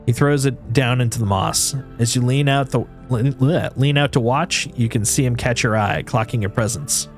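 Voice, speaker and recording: A man's voice: medium pitch, normal speed, faint music behind. Man narrating a video game aloud. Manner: second-person narration with frequent restarts. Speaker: streamer. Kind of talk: reading a video game's story aloud.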